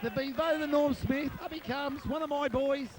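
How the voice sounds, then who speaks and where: A hoarse Australian man commentating excitedly outdoors at a football ground, calling out players' nicknames for a home video. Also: very high-pitched, normal speed. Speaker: club supporter narrating home video.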